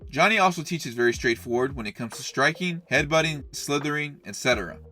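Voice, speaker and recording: A man reads a scripted video essay at a brisk clip, his voice bright and forward. He explains point by point in an earnest tone. Soft music plays faintly underneath. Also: a little high, expressive. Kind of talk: scripted analytical narration.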